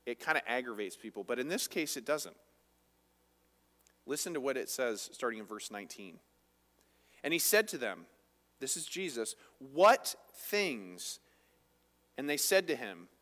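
A man's voice: medium pitch, fairly bright tone. Male pastor, conversational sermon, rhetorical questions, long hall echo.

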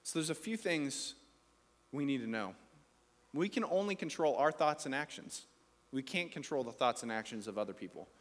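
A man's voice: medium pitch, expressive, moderate pace. A pastor preaching a sermon to his congregation, talking casually and building to emphatic peaks. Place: church sanctuary. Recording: reverberant church hall with faint music.

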